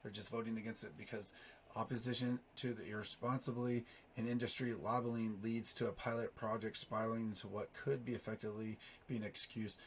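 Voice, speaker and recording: A man with a hoarse, raspy voice from a sore throat, casually reading finance news articles aloud and breaking off into rambling, self-deprecating asides. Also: fairly low pitch, a little hiss or hum. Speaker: finance YouTuber.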